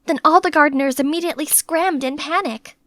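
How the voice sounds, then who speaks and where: Young woman, storybook narrator: high, bright, chatty and dramatic, dry close mic. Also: brisk, dry recording. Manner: chatty, animated, playfully dramatic. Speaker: narrator and maid character. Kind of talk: scripted first-person story narration.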